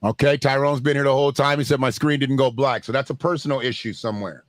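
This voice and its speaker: A man's voice: medium pitch, steady tone, fast, no echo. A man hosting a livestream, talking straight to his viewers in a loose, joking, conversational way. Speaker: livestream host. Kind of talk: casual livestream commentary.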